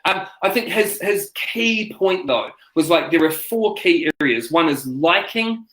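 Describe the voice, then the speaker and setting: A man's voice: a little high, unhurried. A man, a speaker coach chatting as an interview guest, telling stories animatedly with frequent restarts. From New Zealand. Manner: animated storyteller, acts out quotes, many restarts. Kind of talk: casual interview chat. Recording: roomy echo.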